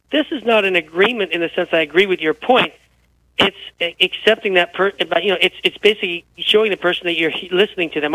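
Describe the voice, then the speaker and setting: A man guesting on a radio talk show, telling stories with lively energy while feeling unwell. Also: high voice, dry recording, rough recording. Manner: energetic, animated storyteller. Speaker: guest, author. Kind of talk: radio interview, storytelling.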